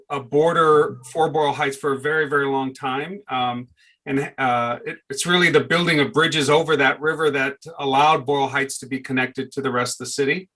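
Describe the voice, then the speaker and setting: A man's voice: fairly high pitch, bright, forceful tone. A man, an author and historian, answering on a panel in a hesitant way with many fillers.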